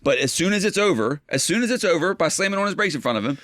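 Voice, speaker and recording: A man's voice: high-pitched, a little hiss or hum. A man hosting a podcast in casual chat, telling stories with lots of restarts and swearing. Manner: animated storytelling, swearing, quick restarts. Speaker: podcast host.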